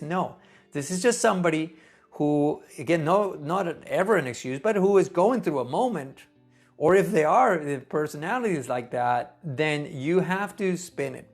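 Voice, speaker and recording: A man, a neonatologist, giving earnest, conversational teaching advice in a gentle tone. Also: a little high. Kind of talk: casual teaching talk.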